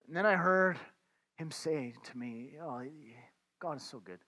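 A man's voice: fairly high pitch, measured pace, pushed and bright. A man preaching a conversational sermon, talking informally to his listeners as friends and often restarting his words.

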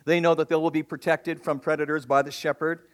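Pastor guy with a high voice preaching, lively, keeps asking the crowd stuff. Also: brisk. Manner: animated, call-and-response questions to the congregation. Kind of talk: sermon.

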